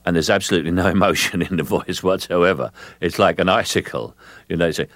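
An older man from England, interviewed as an actor on the radio, speaks in a very deep voice. He is slow and measured, often repeating words as he gathers his thoughts. The sound is dry and close. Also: a bit bright, dry recording.

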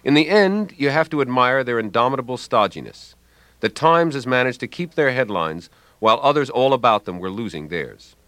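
A man reads a scripted radio commentary with a dry, ironic wit. His pitch rises and falls with lively movement. The studio sound is close and dead, with no room at all. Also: moderate pace, no room sound. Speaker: language commentator.

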